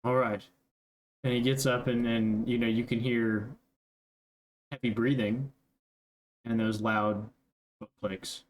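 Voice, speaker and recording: A man's voice: medium pitch, little pitch movement, slow pace, pauses often, a little hiss or hum. Rambling young male game master. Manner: rambling, casual, many fillers and asides. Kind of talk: narrating a tabletop game.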